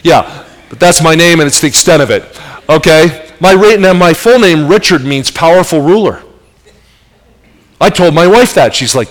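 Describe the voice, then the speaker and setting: A middle-aged man preaching a sermon as pastor, animated, with emphatic rising peaks and soft asides. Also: fairly high pitch, normal speed. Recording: long hall reverb.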